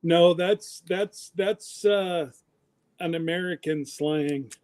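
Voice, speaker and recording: High-voiced man, chatty host. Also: a little mellow. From Canada. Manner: chatty, teasing, quick bursts. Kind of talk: casual livestream chat.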